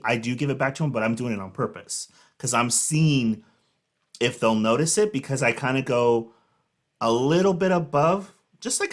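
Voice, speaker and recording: A male reaction-video host in his thirties who talks casually, telling rambling stories full of fillers. His pitch is mid-range, and his voice jumps around a lot when he acts out dialogue. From Southern California. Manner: rambling, filler-heavy storytelling.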